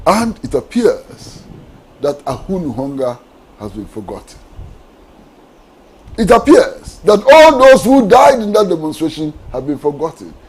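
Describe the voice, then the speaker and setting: A man's voice: fairly high pitch, big pitch swings, measured pace, darkish tone, low-quality recording. A man, a panelist giving impassioned political commentary on a talk show, asking repeated rhetorical questions. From Ghana.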